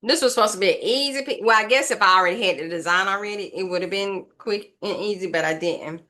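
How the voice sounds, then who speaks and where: A woman's voice: mid-range voice, fast talker, sharp tone. A woman casually narrating a craft tutorial, thinking aloud and rambling to her viewers as she works. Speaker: craft vlogger.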